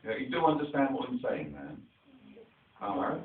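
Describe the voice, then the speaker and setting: A man's voice: medium pitch, normal speed. A man with a rural English dialect, performing at a children's theatre show, telling stories and playfully quizzing the children. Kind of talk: storytelling to a young audience. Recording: distant echoey phone-like recording.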